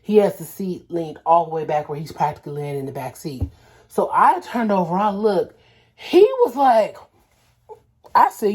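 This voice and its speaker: A young adult woman from Los Angeles, vlogging casually and telling stories in a lively, slangy way, acting out quotes. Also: medium pitch, moderate pace, slightly rough. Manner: animated, slangy storytelling with acted-out quotes. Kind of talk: casual storytelling vlog.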